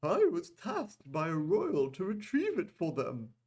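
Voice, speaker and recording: A jittery male merchant in a fantasy storybook reading, his voice pushed far above his own, thin and strained. He stammers and squeaks as he schemes, and his pitch leaps all over. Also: huge pitch swings, a little slow, darkish tone, heavily acted. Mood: scheming.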